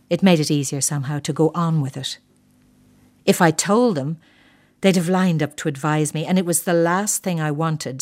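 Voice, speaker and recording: A middle-aged woman reading a first-person short story in a measured, quietly bitter, reflective way. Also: sits low. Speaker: narrator.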